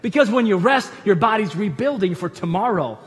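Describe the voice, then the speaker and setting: High-voiced pastor preaching in a reverberant church. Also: male voice, a little fast. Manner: animated storytelling with humorous asides. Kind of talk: conversational sermon. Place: church auditorium.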